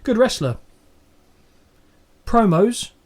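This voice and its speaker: A man's voice: high-pitched, drawn-out words. A man co-hosting a casual podcast, joking and swearing as he reviews an old show. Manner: sweary, jokey, animated. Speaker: podcast co-host. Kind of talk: casual chat.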